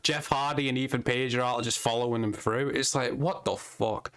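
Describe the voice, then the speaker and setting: A man's voice: medium pitch, fairly even intonation, normal speed, fairly bright tone, smooth. A man co-hosting a casual wrestling podcast, blunt and exasperated, swearing heavily. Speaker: podcast co-host.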